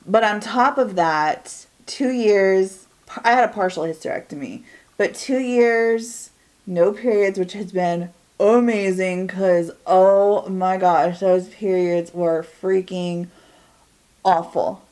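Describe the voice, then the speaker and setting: A woman in her forties talks through her makeup routine at home in a loose, candid way. She rambles and lets her sentences drift and trail off, like a friend catching up over a mirror. Her pitch sits right in the middle for a woman. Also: a little mellow. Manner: candid, chatty, drawn-out and trailing off. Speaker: beauty vlogger. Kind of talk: chatty get-ready-with-me monologue.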